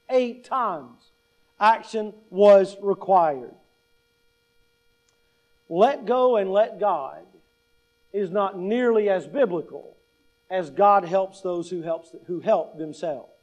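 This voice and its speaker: High-voiced man preaching a sermon. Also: animated, slow pace, long pauses, darkish tone, rough recording. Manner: conversational, asks the congregation questions; humorous everyday anecdotes. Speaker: pastor.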